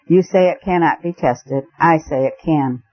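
A man reading aloud as a calm retired judge who speaks in a low, measured, placid way. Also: no echo, faint music behind, lightly acted. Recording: muffled lo-fi recording.

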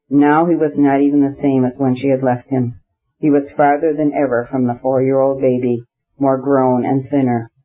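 In this slightly muffled recording, a man with a medium-pitched voice narrates a classic novel as an audiobook, keeping his reading steady and measured.

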